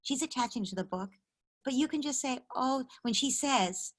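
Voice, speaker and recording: A woman's voice: sits high, normal speed. A middle-aged woman hosting a parenting call-in session, giving empathetic, direct advice to callers over a video call. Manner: warm coaching, empathetic and direct. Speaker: parenting expert hosting call-in office hours.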